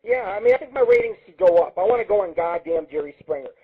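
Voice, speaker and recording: A man hosts his own internet radio show in a loud, profane, rambling monologue, his pitch sitting high and swinging wildly. His voice is deeply husky and raspy. The sound is narrow and muffled, like a phone line. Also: expressive, fast. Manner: loud, profane and manic, jumping between topics.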